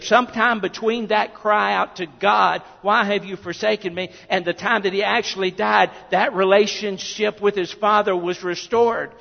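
Preacher, male, high and gravelly, delivering a sermon that swings from loud declarations to near-whispers, recorded muffled in a reverberant hall.

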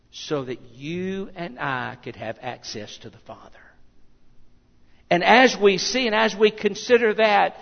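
Preacher, male, high and gravelly, delivering a sermon that swings from loud declarations to near-whispers, recorded muffled in a reverberant hall.

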